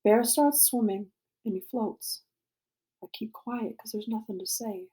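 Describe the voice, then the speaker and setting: A woman reading a novel aloud to a class, expressive and dramatic, sometimes dropping to a hushed voice. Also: on the high side, measured pace. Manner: expressive, dramatic, drops to a hushed voice for tense moments.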